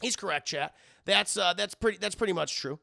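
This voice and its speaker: A man's voice: high-pitched, a little fast, gravelly, bright, forceful tone. A man recapping an anime episode for his live chat in a loose, swearing style, slipping into put-on voices for the characters. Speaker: streamer reviewing an anime episode.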